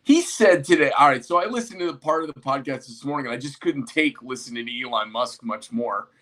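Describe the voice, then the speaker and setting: A man's voice: mid-range voice, brisk, fairly bright tone. A man who owns a small knife company, ranting casually with lots of profanity and rambling asides. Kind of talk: casual rant to camera.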